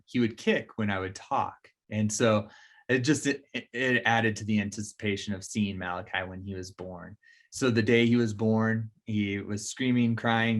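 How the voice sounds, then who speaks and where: A man in a documentary interview, earnestly telling a story about his newborn son. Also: fairly low pitch. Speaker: father telling a family story.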